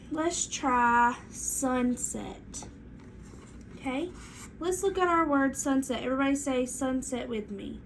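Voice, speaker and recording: Speaking clearly and in a sing-song classroom style, a female teacher reads aloud while guiding young children through a reading lesson. Her pitch is fairly high, and there's a faint hiss or hum.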